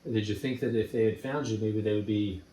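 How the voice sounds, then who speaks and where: A man interviewing a veteran, soft-spoken and prompting with questions. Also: lowish voice, fairly even intonation, fairly quick, slight background noise. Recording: distant roomy mic with faint ambience.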